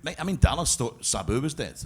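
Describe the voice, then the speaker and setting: A Scottish man with a husky voice, chatting on a live podcast stage. He talks with eager fan enthusiasm and swears freely. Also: medium pitch, big pitch swings, brisk, fairly bright tone. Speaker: podcast co-host. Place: brewery event space with live audience.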